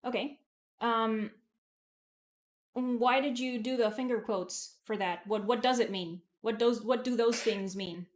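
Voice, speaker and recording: A woman's voice: fairly high pitch, unhurried. Curious woman hosting an interview. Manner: curious, probing questions. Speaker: podcast host. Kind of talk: casual interview conversation.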